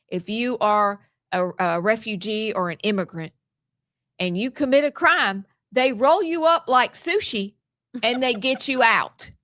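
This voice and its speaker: A woman's voice: medium pitch, a bit bright, dry recording, studio quality. A woman with a Southern US accent co-hosting a casual talk show, joking and telling stories in a folksy drawl. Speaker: co-host.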